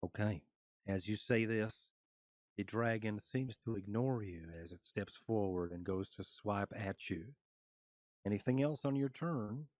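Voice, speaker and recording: Low-voiced man narrating as game master. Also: a little mellow, dry recording. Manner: halting, descriptive narration with many fillers.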